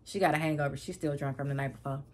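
A woman vlogger telling a story casually to camera, animated and emphatic, often repeating herself and addressing her viewers. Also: low-pitched, racing.

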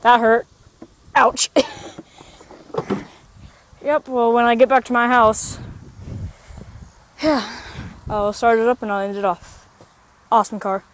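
A woman chatting casually in an outdoor vlog, rambling and excitable, recorded on a handheld phone. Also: fairly high pitch, slow pace, pauses often, a little hiss or hum. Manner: excitable, rambling, bursts into yells. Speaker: vlogger. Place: outdoors on a hill.

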